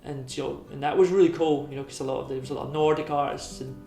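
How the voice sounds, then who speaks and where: A man's voice: a little high, steady tone, quick pace, vocal fry, dark tone, echoey room, soft background music. A Scottish man from Edinburgh, a tattoo artist talking in a documentary interview, rambling and full of "you know". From Edinburgh, Scotland.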